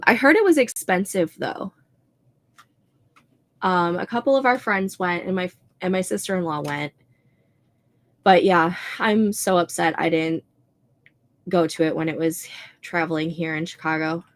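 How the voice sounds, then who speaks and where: A young woman with a Minnesotan accent, hosting a writing livestream and chatting casually with lots of fillers. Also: lowish voice. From American Midwest. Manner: chatty, many "like" and "um" fillers, laughs often. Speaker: livestream host reading chat. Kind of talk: casual chat.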